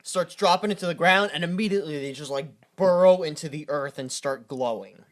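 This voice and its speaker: A man's voice: fairly high pitch, a little fast. A man co-hosting a podcast, chiming in on a film recap with short reactions and jokes and laughing along. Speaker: podcast co-host. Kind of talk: casual movie recap chat.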